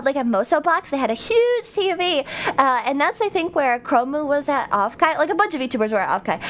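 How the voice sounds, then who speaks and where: Bubbly streamer girl rambling to chat, high voice that bounces all over. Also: fairly bright tone. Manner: bubbly, rambling, quick asides and giggles. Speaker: VTuber streamer. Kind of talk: casual chat with stream viewers.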